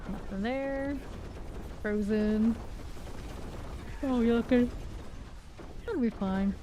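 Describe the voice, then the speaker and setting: A woman's voice: medium pitch, noisy background. A woman streaming a game live, chatting casually and narrating her moves with small laughs. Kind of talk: casual live gameplay commentary.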